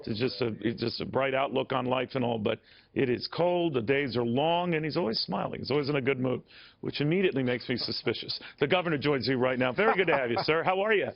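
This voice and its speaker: A man anchors a TV news interview in a medium-pitched, creaky, expressive voice, talking fast. He's wry and teasing, with chatty restarts, and the broadcast audio is dull and lo-fi.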